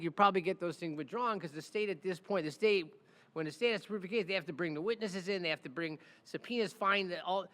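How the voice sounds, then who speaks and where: Lots of long echo surrounds this high-voiced podcast host, a criminal defense attorney swapping stories in a relaxed chat. Animated throughout, he plays the characters in his tales and repeatedly checks in with "right?".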